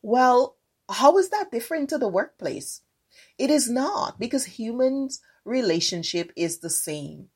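A woman's voice: a little high, lively intonation, unhurried, a little mellow, breathy edge. Earnest woman explaining through scenarios. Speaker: podcast host, corporate trainer. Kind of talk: solo podcast talk.

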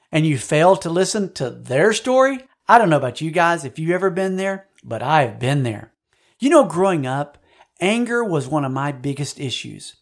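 A man preaching a sermon in an earnest, personal testimony style, repeating words when he presses a point. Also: a little high. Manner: earnest, personal testimony with frequent swings in loudness. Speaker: pastor.

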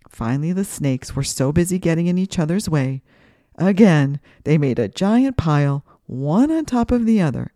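A woman's voice: sits low, normal speed, warm tone, dry recording, studio quality. A woman hosting a children's podcast, reading a story aloud and guiding breathing exercises in a sing-song, guiding way.

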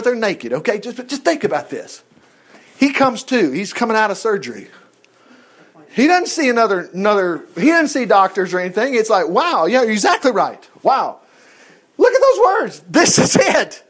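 A man preaching a sermon, reading scripture aloud and breaking off into folksy, exclaiming asides to his listeners. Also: high voice. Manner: folksy, talks straight to the congregation.

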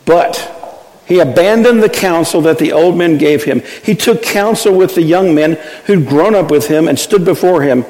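Male pastor, folksy storytelling sermon, high voice, hall reverb. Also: moderate pace, a little mellow. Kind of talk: sermon with scripture reading.

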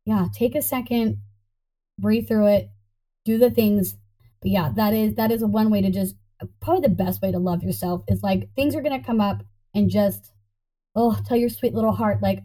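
Bubbly, fairly high-voiced woman. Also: normal speed, low-quality recording. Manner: warm, animated, laughs often, playful self-talk voices. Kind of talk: casual conversational talk.

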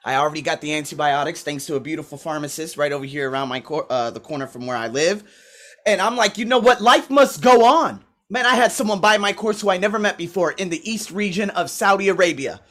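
Fervent man preaching on a podcast. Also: fast. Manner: fervent, swings between loud declarations and low asides; swearing, talking to himself by name. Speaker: podcast host and coach. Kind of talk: motivational preaching monologue. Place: indoors at home, pacing with a laptop. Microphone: laptop mic.

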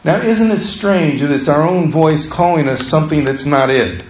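A man preaching to his congregation in a relaxed, storytelling way, his voice a touch higher than most. The sound rings around an echoey church room, with a faint hiss underneath. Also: normal speed. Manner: conversational, animated storytelling with laughs. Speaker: pastor. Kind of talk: sermon.

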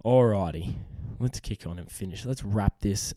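Mellow Australian dad, matey podcast host. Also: male voice, on the low side, moderate pace, dry recording. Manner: laid-back, matey, swears freely. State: losing his voice. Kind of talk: casual chat.

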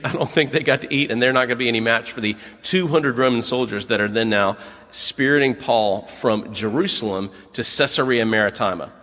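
Animated man preaching in a reverberant church. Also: mid-range voice. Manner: animated storytelling, acts out quotes. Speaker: pastor. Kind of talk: sermon.

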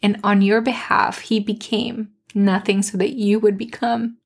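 A woman hosting a faith podcast, telling a personal testimony in an earnest, heartfelt way with soft, tender pauses. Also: medium pitch, flat delivery, vocal fry, breathy edge. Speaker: podcast host.

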